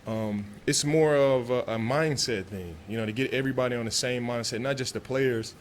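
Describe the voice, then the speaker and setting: A man's voice: medium pitch, fairly quick, a little hiss or hum. A man from Texas, a pro football player answering press questions in a loose, laid-back way with many restarts.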